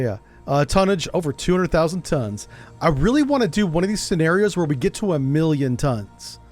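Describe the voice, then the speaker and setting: A man streaming a game, chatting casually and joking as he thinks out loud. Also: a little high. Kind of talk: casual gameplay commentary.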